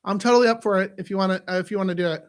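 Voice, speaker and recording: A man hosting a casual live-stream chat, jokey and animated and given to breaking into silly voices. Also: high-pitched, rapid-fire. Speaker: host.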